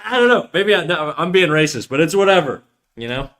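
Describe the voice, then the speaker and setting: A man's voice: fairly high pitch, very animated, fast, a bit bright. A young man from Canada with a Canadian accent, chatting casually and joking while he draws on stream, rambling and swearing freely. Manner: rambling, profane, joking storyteller. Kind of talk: casual chat while drawing.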